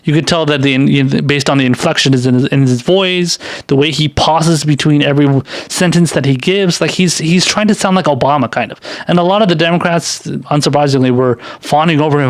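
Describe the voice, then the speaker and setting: A man's voice: medium pitch, fairly quick, no echo. A man hosting a political commentary show, reading news articles aloud and rambling through sarcastic, filler-heavy commentary on them.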